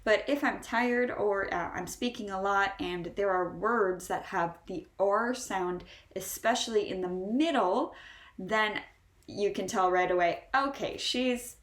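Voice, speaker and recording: A woman with a Northeastern American accent teaches English pronunciation at a middling pitch. She says each example word slowly and clearly, often three times over, and her voice rings in an echoey room. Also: steady tone. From Northeastern United States. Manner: slow, drawn-out model words repeated three times. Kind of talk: pronunciation lesson.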